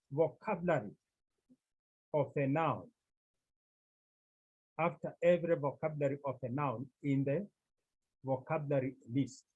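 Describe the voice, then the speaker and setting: A man teaching a Greek class, explaining slowly and repeating key phrases for his students. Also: on the high side, darkish tone, husky, muffled recording. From Cameroon. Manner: slow, repetitive explaining. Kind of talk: classroom lecture.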